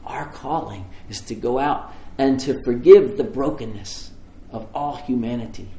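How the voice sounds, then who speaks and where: Animated preaching man in an echoey room. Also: mid-range voice, a little slow. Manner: animated storytelling, acts out dialogue. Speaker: pastor. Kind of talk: sermon.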